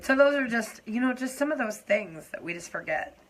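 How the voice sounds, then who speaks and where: A young adult woman chatting openly to her viewers as she does her makeup on a live stream, confiding and laughing softly. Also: a little high, lively intonation, fairly quick, background noise. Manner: warm, confiding, breaks into soft laughs. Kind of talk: casual heartfelt chat to viewers while doing makeup.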